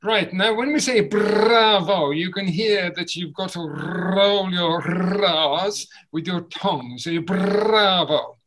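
A man leading a group voice exercise session over a video call, encouraging and demonstrating sounds with loud bursts. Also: sits high, unhurried, few pauses, low-quality recording. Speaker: voice and movement workshop leader.

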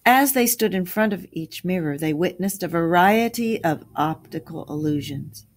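A woman reading a children's science story aloud, giving the characters expressive, lively voices. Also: fairly low pitch, moderate pace.

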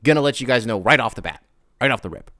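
A man's voice: medium pitch, animated, quick pace, a bit bright, dry recording, studio quality. A man hosting his own podcast alone, talking in a chatty, digressive, self-mocking way. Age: adult. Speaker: podcast host. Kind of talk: casual solo podcast monologue.

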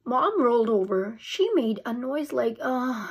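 High-voiced teacher reading aloud. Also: female voice, unhurried, husky. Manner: expressive storytelling. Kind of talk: read-aloud for children.

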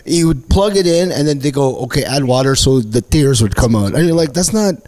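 A man from Canada, a guest comedian, telling animated stories in a casual chat, laughing often and mimicking voices. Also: a little high, a little fast.

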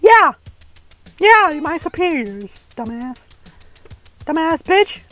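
High-voiced boastful male gamer. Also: big pitch swings, takes it slowly, soft background music, low-quality recording. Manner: taunting, boastful and crude, yells at mistakes. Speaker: gamer co-host. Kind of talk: gameplay commentary.

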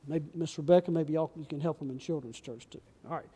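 A man, a pastor gently coaxing small children through a children's message during a church service. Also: on the high side, fast, hardly any pauses, slightly rough. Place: large church sanctuary. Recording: long church reverb.

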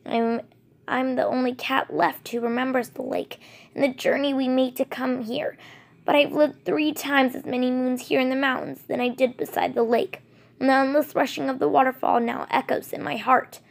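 A woman's voice: high voice, little pitch movement, normal speed, creaky. Woman voicing a wistful old white she-cat. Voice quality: soft, sighing delivery.

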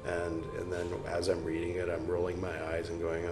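A man's voice: deep voice, monotone, normal speed, echoey room. A man hosting a podcast, reading a text aloud and breaking off into rambling, self-mocking jokes. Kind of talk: reading aloud with joking asides.

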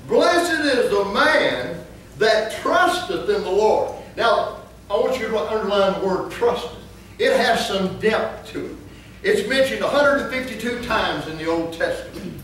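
A man pastor preaching a sermon, telling funny stories and then breaking into emphatic, shouted points. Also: sits high, animated, a little slow, a little hiss or hum. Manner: humorous storytelling that rises into emphatic preaching. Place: church sanctuary. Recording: echoey church from far off.

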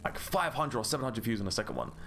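A man's voice: mid-range voice, huge pitch swings, very fast, vocal fry, a bit bright, soft background music. A man rambling and chatting with an easy laugh while he gives casual gameplay commentary as a gaming YouTuber.

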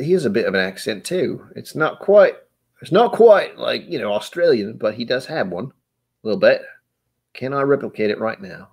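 A man with a fairly low voice hosts a casual chat, and his pitch swings up and down as he talks. He rambles, pokes fun at himself and slips into silly accent bits. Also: a little mellow. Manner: rambling, self-mocking, breaks into joke accents. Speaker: host.

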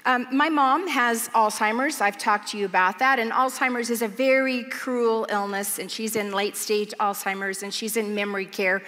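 Woman pastor, high bright voice, storytelling sermon, long church reverb. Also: fairly even intonation, moderate pace, few pauses. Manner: storytelling, humorous and earnest. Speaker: church speaker. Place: large church auditorium.

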